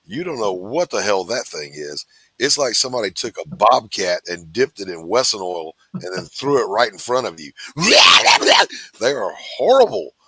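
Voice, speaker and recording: A man from the Southeastern United States, co-hosting a casual chat, animated and quick to interject. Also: on the low side, breathy edge, no room sound. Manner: animated, laughs loudly, interjects. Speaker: co-host.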